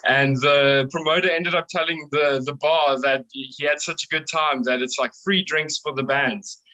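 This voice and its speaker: Bright, excitable South African man. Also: fairly high pitch, moderate pace, poor audio. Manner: excitable, swears a lot, laughs often. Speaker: band vocalist, guest. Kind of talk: casual storytelling.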